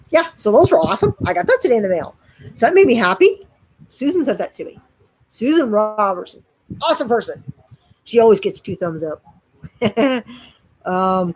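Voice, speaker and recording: A woman's voice: medium pitch, a little mellow, a little hiss or hum, poor audio. A woman with a Canadian accent chatting casually to her viewers on a live stream, rambling and often addressing them directly. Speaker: vlogger.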